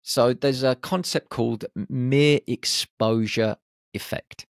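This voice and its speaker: A male podcast host takes things slowly, his medium-pitched voice steady in tone and marked by vocal fry. He offers an upbeat, encouraging monologue about confidence, sprinkled with jokes. It's studio quality with no room sound.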